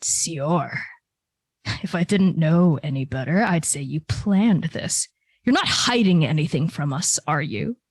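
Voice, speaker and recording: A woman's voice: low-pitched, expressive, unhurried, husky, no room sound, pitched below the performer's own voice, heavily acted. A woman voicing a scornful, menacing male hunter god in a tabletop game.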